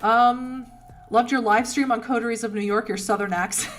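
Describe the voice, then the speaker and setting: This livestream host, a woman from Boston with the city's accent, wanders from topic to topic as she answers viewers' messages, laughing frequently. Her fairly high voice stays steady and a little bright at a moderate speed.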